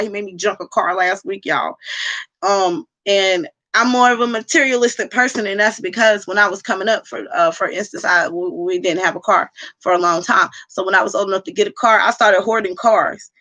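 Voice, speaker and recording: A woman's voice: mid-range voice, sharp tone. A woman talking candidly and at length to her viewers from home, rambling and heartfelt. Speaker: vlogger. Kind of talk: casual monologue to viewers. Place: at home indoors.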